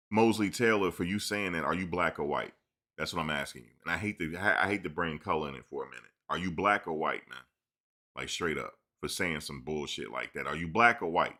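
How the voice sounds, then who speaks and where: A man hosting a casual live-stream sports talk show, teasing and answering his chat in an animated way. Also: extremely low pitch, fairly quick.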